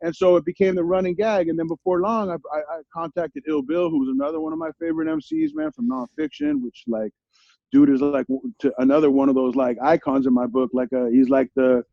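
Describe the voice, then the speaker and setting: A man's voice: fairly high pitch, brisk, gravelly, dry recording, lo-fi sound. A middle-aged man telling candid stories as an interview guest, in street slang with plenty of swearing and repeated "you feel me?". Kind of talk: candid storytelling.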